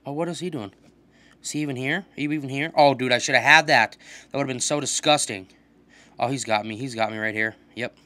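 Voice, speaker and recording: A young man giving casual commentary while playing a video game, swearing often and trash-talking opponents in an excitable way. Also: mid-range voice, fairly quick. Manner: profane, excitable trash talk. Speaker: gaming channel host.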